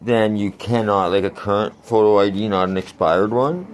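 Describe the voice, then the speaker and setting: A man's voice: fairly low pitch, steady tone, normal speed, clean tone, lightly acted. Prim door attendant, as a man puts him on. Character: polite fussy adult casino door staff.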